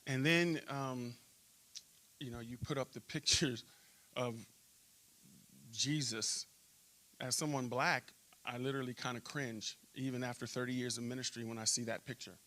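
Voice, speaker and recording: Animated storytelling man, bright voice. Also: medium pitch, moderate pace, pauses often. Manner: animated storyteller, acts out crowd chants. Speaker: pastor. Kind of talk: storytelling in a church interview.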